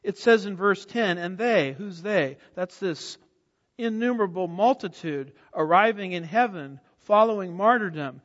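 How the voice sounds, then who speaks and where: A man's voice: high voice, animated, a little slow, a bit bright. A man preaching an expository sermon, emphatic, asking the congregation questions and answering them himself. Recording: dull sound with long hall reverb.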